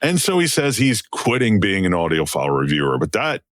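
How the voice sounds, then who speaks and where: A middle-aged man co-hosting an audio podcast, telling stories in a sarcastic, animated way. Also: fairly low pitch, a little fast, no echo, studio quality. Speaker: podcast co-host. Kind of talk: casual audio podcast chat.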